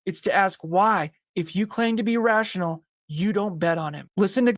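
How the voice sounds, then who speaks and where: Even, scripted narrator at mid pitch, dry close recording. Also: normal speed, no echo. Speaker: narrator of a played video.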